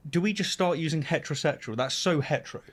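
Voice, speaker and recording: A young man co-hosting a casual chat, sarcastic and quick to laugh. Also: fairly high pitch, crowd noise. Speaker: co-host.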